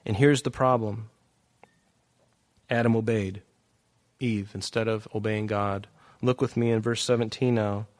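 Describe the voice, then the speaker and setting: A man's voice: fairly low pitch, steady tone, measured pace, pauses often. A male preacher delivering a sermon in an emphatic, repetitive way. He walks his listeners verse by verse through scripture, stressing phrases by saying them again. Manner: emphatic, repeats key phrases.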